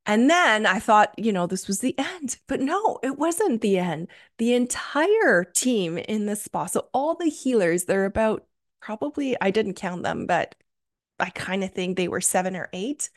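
A woman's voice: mid-range voice, lively intonation, a little slow. A young adult woman hosting a solo podcast, telling a story with gushing enthusiasm and many fillers. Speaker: podcast host.

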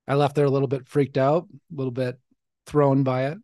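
A man's voice: medium pitch, little pitch movement, brisk, a little mellow, dry recording, clean studio sound. A man in his forties, hosting a podcast, telling his life story in an earnest, reflective way. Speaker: podcast host. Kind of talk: personal storytelling monologue.

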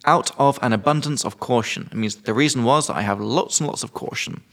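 A man's voice: medium pitch, a little fast, fairly bright tone. A man hosting a casual podcast, teaching vocabulary with jokes and casual swearing. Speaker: podcast host and English teacher.

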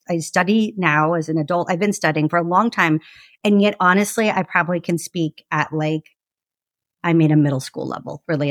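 A woman's voice: fairly low pitch, no room sound. Chatty woman, dry close sound. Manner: animated, chatty, heavy use of fillers. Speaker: podcast guest, author. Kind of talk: casual conversational interview.

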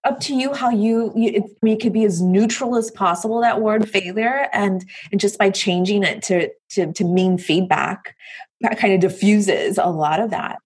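Woman host, husky voice, affirming and reflective, mid pitch. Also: normal speed. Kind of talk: interview conversation.

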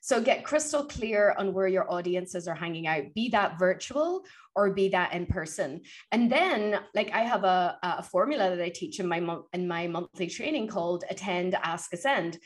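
A woman guest on an interview, coaching on public speaking and telling stories in an energetic, motivational way. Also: on the low side, moderate pace. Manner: energetic, motivational, animated retelling. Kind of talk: conversational interview, storytelling.

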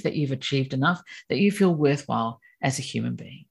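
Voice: mid-range voice, animated, moderate pace, gravelly, hardly any pauses, husky. A course teacher explaining ideas in an emphatic conversational way, acting out quoted voices. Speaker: course teacher on personality animals.

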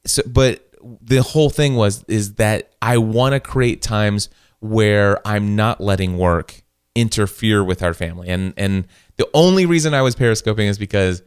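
A man in his forties on a podcast, telling a family story in a lively way and quoting himself. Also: fairly low pitch, normal speed, clear, resonant tone, no echo, studio quality. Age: 40s. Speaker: podcast host. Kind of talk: casual chat.

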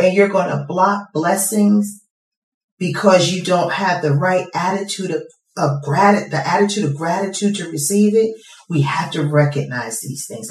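A preacher delivering a sermon with emphatic repeated phrases, recorded from a distance in a hall. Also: medium pitch. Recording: roomy echo, distant mic.

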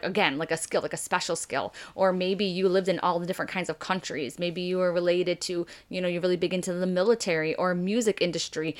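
A bubbly, excitable woman hosting a podcast workshop, talking fast and loud in a casual, chatty way. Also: on the low side. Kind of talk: casual guided workshop talk.

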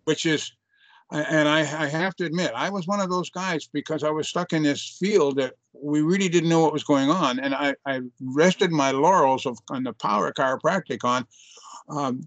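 An older chiropractor, a guest in an interview, tells a story earnestly and reflectively, often starting his sentences over. His voice is a little high, at a normal pace, with no room sound.

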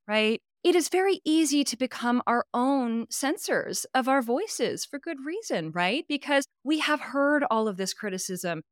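Expressive woman voice coach, dry close sound. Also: high voice, measured pace, few pauses, dry recording. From California. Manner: expressive, emphatic, with frequent "right?" asides. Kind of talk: podcast interview.

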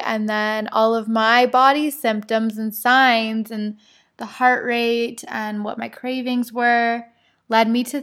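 A young pregnant woman hosting her own podcast, chatting about her life and tearfully reading a journal entry, laughing through tears. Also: on the high side. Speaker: podcast host.

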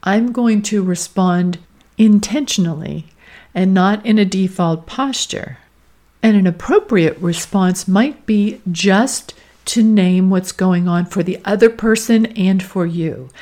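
A woman podcast host giving calm, measured coaching advice, acting out inner thoughts in short quoted lines. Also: mid-range voice. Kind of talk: reflective coaching talk.

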